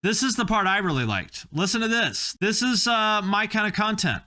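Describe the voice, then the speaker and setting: A man with a high, bright voice gives casual reaction commentary. He sounds opinionated and wry and often pokes fun at himself. His talk stays loose and conversational. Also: lively intonation, moderate pace, slight background noise. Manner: opinionated, wry, self-mocking. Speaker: host reacting to video clips.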